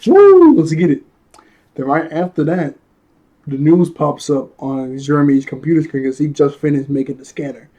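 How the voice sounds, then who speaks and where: A man with a fairly high but mellow voice runs through a cartoon episode in a casual review. He talks in loose slang, leans on fillers and keeps breaking into chuckles. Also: flat delivery, normal speed.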